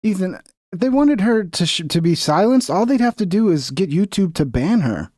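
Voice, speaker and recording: A man reacts to clips on a stream, ranting with sarcasm and plenty of swearing. His voice sits a bit high for a man. The sound is dry, with no room echo. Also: animated, moderate pace, darkish tone. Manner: sarcastic, profane, mocking rant. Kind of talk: profane reaction commentary.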